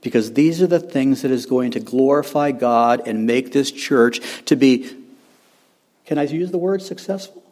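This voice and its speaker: A man's voice: mid-range voice, normal speed, darkish tone. An older man preaching a sermon, emphatic, repeating his key phrases and chuckling at his own slips.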